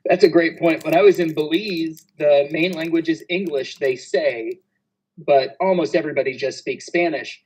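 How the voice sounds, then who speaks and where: A male physician on a conference panel, telling travel anecdotes with frequent laughter and quick asides. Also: on the high side, darkish tone, slightly rough, poor audio.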